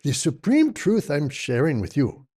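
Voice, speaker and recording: An older man voicing a man posing as a guru, speaking in slow, solemn pronouncements with a gravelly edge. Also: fairly high pitch, huge pitch swings, mellow, full character voice.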